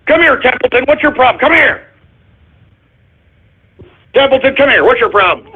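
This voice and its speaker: Man, radio host, ranting, shouting, husky voice, phone-line sound. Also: very high voice, expressive, normal speed, long pauses. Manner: loud, ranting, exasperated outbursts. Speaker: radio talk show host. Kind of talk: ranting call-in radio monologue. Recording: tinny phone-line audio.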